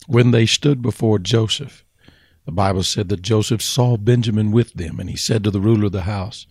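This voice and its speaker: A man's voice: on the low side, moderate pace, slightly rough, no room sound, studio quality. A man preaching a fervent sermon, retelling a story and building to impassioned calls to his listeners.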